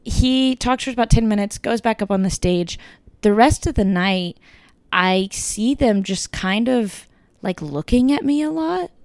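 A woman's voice: on the high side, unhurried, no echo. Chatty young woman telling a story. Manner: chatty, lots of "like" and "kinda", quoting others in lively bursts. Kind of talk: casual storytelling chat.

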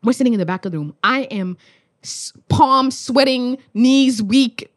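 A young woman, a spoken word poet, telling a story in animated, laughing, swearing casual chat. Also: fairly high pitch, unhurried, no room sound, studio quality. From Australia.

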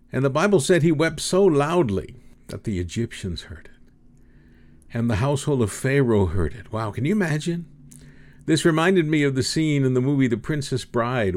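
Low gravelly man preaching a sermon. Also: darkish tone. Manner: dramatic, slow emphatic delivery with big swings of pitch and volume.

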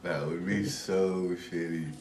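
Very deep-voiced young man, echoey room. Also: fairly even intonation, takes it slowly, a crowd in the background. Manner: joking, easygoing banter. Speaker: podcast guest. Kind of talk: casual chat. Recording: echoey room with faint noise.

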